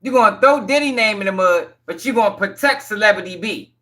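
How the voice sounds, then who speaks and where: A man's voice: high-pitched, expressive, brisk, bright, forceful tone. A man doing casual livestream commentary. He reads court papers aloud and answers his chat in blunt, profane slang, often repeating himself in exasperation. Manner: talks to chat viewers directly.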